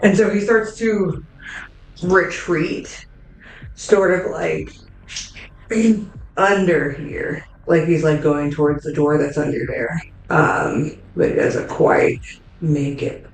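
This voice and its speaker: A woman's voice: low-pitched, steady tone, slow, vocal fry, roomy sound, distant mic, low-quality recording. A woman narrating a tabletop game as game master, casual and full of fillers, swearing freely.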